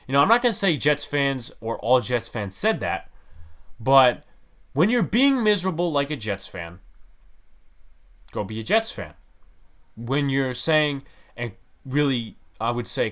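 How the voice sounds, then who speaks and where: A man's voice: mid-range voice, sing-song, normal speed, fairly bright tone. A man hosting a sports podcast, ranting in a heated, exasperated way. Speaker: podcast host.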